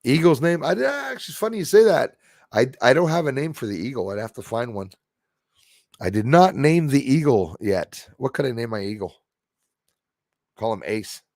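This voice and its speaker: A man hosting a casual livestream, rambling excitably and answering viewers' comments aloud. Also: mid-range voice, normal speed, gravelly, long pauses, dry recording, clean studio sound. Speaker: livestream host.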